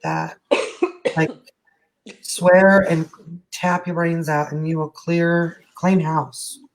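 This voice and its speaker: A middle-aged energy healer leads a casual live energy-healing session, chatty and frank and swearing easily. Her voice is fairly low, slow, and fairly even in intonation.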